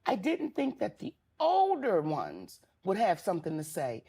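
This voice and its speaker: Gravelly woman telling stage stories. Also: medium pitch, wildly swooping pitch, measured pace, dark tone. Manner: candid, storytelling, emphatic. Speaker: guest comedian. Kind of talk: casual chat.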